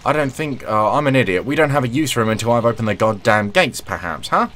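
Here the let's play host speaks fast, with an expressive, mid-range voice and a fairly bright tone. The young man keeps his commentary casual and jokey, humming and addressing the game's characters directly.

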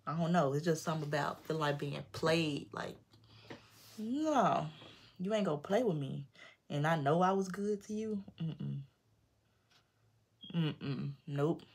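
A young adult woman vlogger telling a personal story in an animated, slangy, emphatic way. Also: sits low, creaky, slightly rough. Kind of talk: storytime vlog.

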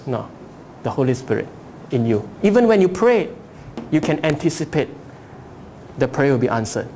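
A man's voice: high-pitched, sing-song, fairly quick, long pauses, darkish tone, a little hiss or hum. A male pastor preaching a sermon, asking rhetorical questions and acting out voices as he reads scripture.

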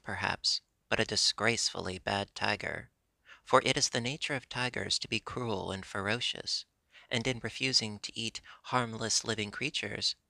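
Guy doing a polite hungry tiger, storybook, gravelly low voice, dry close sound. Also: sharp tone, no echo, exaggerated voice. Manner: measured, formal phrasing.

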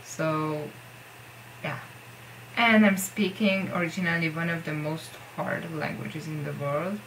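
A woman talks to her viewers in a casual vlog. She speaks slowly and hesitantly, rambling and circling back on herself. Her voice is bright and clear. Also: low voice, steady tone, a little hiss or hum, poor audio. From Central Europe. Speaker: vlogger. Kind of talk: casual talking-to-camera vlog.

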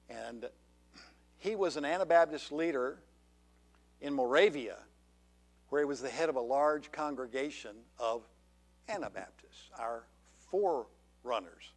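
Earnest pastor with a higher voice. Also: male voice. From Georgia, USA. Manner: earnest preaching with rhetorical questions. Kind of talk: sermon. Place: church sanctuary.

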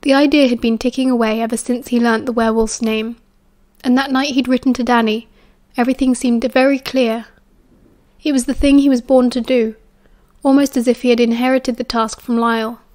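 A woman's voice: fairly high pitch, fairly even intonation, brisk, darkish tone. British woman reading an audiobook. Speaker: audiobook narrator.

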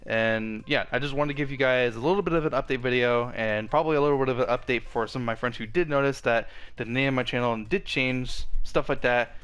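A man's voice: mid-range voice, a little fast, few pauses, a bit bright, clean tone. A young man hosting his channel, talking casually and rambling, with frequent restarts as he tries to say everything at once. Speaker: channel host. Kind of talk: casual vlog update.

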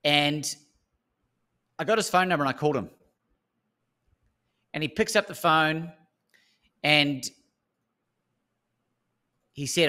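A man's voice: a little high, takes it slowly, long pauses, bright, forceful tone. An Australian man, a speaker and coach, telling a story as an interview guest and acting out the phone calls.

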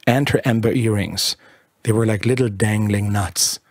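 A man narrating literary fiction at a measured, expressive pace. His voice is low and slightly husky. The sound is dry and close, with no room around it. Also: no room sound.

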